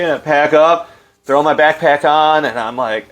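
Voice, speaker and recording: A middle-aged man with an animated storytelling manner, loose and full of fillers, acting out quotes in a livelier voice. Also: on the high side, fairly quick. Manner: loose, filler-heavy delivery. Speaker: interview guest. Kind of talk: casual storytelling.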